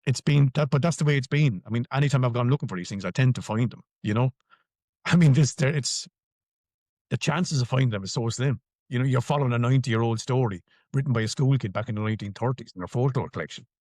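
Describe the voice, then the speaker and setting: A man's voice: mid-range voice, fast, darkish tone, no echo. Irish man, interview guest, emphatic, swears, repeats for stress, dry recording. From Ireland. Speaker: podcast guest. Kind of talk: conversational interview answers.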